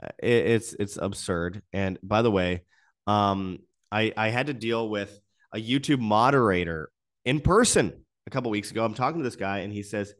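A man delivering opinionated news commentary in an animated, indignant ranting manner, often restarting his words. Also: on the low side, normal speed.

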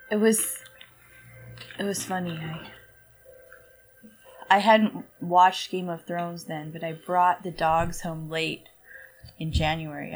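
Rambling, animated woman telling stories. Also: on the low side, rough recording. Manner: rambling, animated storyteller with many fillers. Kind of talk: casual chat.

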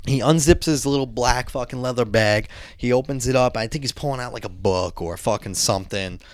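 A man telling a story in casual talk, animated and swearing often, acting out other people's voices. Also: mid-range voice, brisk, no echo.

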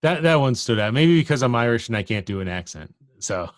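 Relaxed male podcast co-host, mid-range voice, measured delivery, dry close sound. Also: medium pitch, no echo. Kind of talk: casual conversation.

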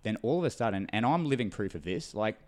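Brief: quick, slightly low-voiced man, casual podcast guest, animated and profane. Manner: fast, animated storyteller who swears freely.

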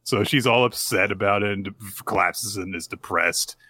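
A man co-hosting a podcast, recapping manga chapters in casual chat, who often jumps into a high voice to act out characters' lines. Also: normal speed, bright, forceful tone, husky, dry recording. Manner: restarts and fillers. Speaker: podcast co-host.

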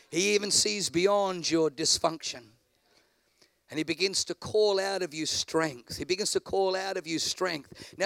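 A man preaching a sermon, dramatic, shifting from shouted peaks to quiet asides and acting out the people in his stories. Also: vocal fry, dry recording. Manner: dramatic, swings from shouting to low asides, acts out characters.

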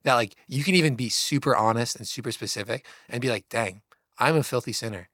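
A man's voice: mid-range voice, brisk, fairly bright tone, no room sound, studio quality. A man co-hosting a church podcast, talking earnestly and encouragingly in a casual way, with many "like"s. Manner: earnest, encouraging, says "like" often. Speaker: podcast co-host.

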